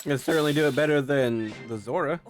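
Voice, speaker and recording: A man's voice: on the high side, quick pace, soft background music. A young man hosting and playing a game in casual chat, laid-back and agreeable, often answering in short replies. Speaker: gaming show host and player.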